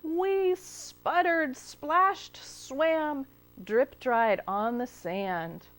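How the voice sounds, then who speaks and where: Drawing out her words in a high voice, a librarian reads a picture book aloud for children on a cable TV studio set. She's expressive throughout, gasping and asking the young audience questions.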